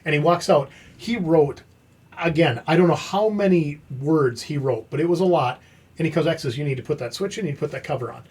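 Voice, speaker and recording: Husky man telling a lively story. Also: on the high side. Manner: animated, acts out quoted dialogue. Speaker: podcast host. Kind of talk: casual storytelling chat.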